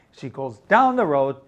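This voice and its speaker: Older male teacher, very slow delivery, fairly high voice, explains words patiently with Mandarin glosses. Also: muffled recording. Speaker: English teacher. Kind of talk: teaching English with stories.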